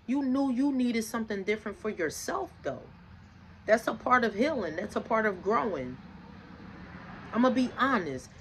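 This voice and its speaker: A woman's voice: fairly high pitch, lively intonation, moderate pace. A woman delivers a casual tarot reading, speaking emphatically and preaching through rhetorical questions. She swears freely and circles back on her own phrases. A faint background noise sits under her voice. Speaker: tarot reader.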